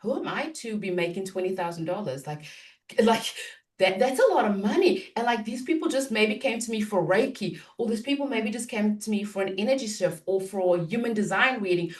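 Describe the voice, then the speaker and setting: A woman business coach talking in a podcast interview, animated and acting out inner self-talk. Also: a little high, moderate pace, distant mic.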